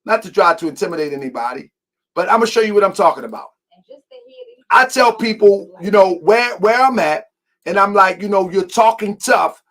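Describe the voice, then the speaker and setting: A man's voice: sits high, lively intonation, a little fast, a bit bright. A man hosting a heated commentary, repeating his points emphatically and confrontationally. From Baltimore, US. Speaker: host.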